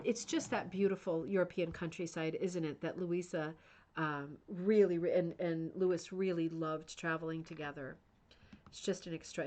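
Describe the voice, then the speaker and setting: A woman with a mid-range voice hosts a live craft stream. She talks in an eager, chatty way, reacting to viewer comments as she goes. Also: mid-range voice. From United States. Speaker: host of a rug hooking club channel. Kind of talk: live-streamed book review chat.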